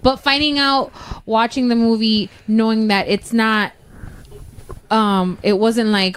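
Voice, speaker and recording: A woman's voice: on the high side, steady tone, a little slow, clear, resonant tone. A woman chatting casually as a podcast guest, rambling with many fillers and casual swearing. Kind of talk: casual chat.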